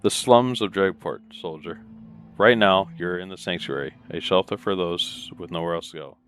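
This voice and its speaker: A man's voice: low-pitched, normal speed, fairly bright tone, soft background music. A man voicing a kindly male priest with a soothing, musical, lilting way of speaking in a game.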